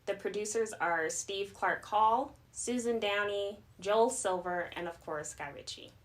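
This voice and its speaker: A woman co-hosting a movie reaction show, announcing the film and prompting the reviewer in a deliberate way. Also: mid-range voice. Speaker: co-host. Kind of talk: show introduction.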